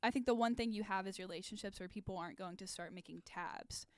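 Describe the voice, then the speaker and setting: A woman co-hosting a podcast, asking gentle questions and answering in a thoughtful, measured way. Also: mid-range voice, dry recording. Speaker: podcast co-host. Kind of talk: candid podcast conversation.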